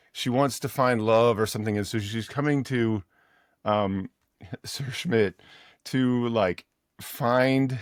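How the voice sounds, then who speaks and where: A man's voice: mid-range voice, dry recording, studio quality. A man co-hosting a podcast, animatedly retelling a story in casual book chat and laughing often. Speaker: podcast co-host.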